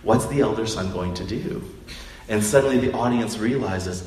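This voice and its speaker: A man's voice: on the low side, normal speed, slight background noise. Man preaching in an echoey hall. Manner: conversational, animated storytelling with acted quotes. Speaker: pastor. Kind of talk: sermon. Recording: roomy hall, distant mic, faint ambience.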